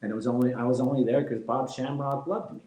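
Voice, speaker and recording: A middle-aged man, a former fighter, speaking as an interview guest, reflective and animated as he tells anecdotes with frequent laughter. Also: mid-range voice, fast talker, reverberant, low-quality recording. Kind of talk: candid interview storytelling.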